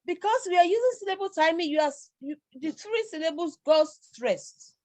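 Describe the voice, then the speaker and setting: A middle-aged Nigerian woman leads a live class with a high, lively voice. She talks emphatically, presses her students with questions and repeats her points. The sound is dry and close. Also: normal speed, no room sound. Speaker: lecturer. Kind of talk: live online class discussion.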